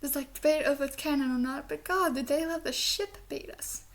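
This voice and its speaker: Talking briskly in a high voice, a giggly Southern US video reviewer rambles through a casual review. She mentions that her speech impediment sounds British, and she chats away with plenty of "like" fillers and whispered asides.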